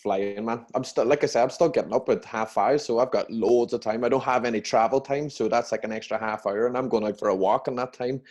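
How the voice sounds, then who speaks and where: A man's voice: medium pitch, a little fast, hardly any pauses, a little mellow. A man with an Irish accent in a casual video call chat, teasing and joking as he tells stories. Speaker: fitness coach, co-host.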